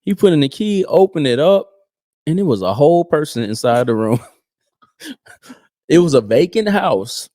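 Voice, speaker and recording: A man co-hosting a podcast, telling a story in a casual, animated way. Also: on the high side, normal speed, long pauses, no room sound, clean studio sound. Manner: animated, acts out voices in quoted dialogue. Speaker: podcast co-host.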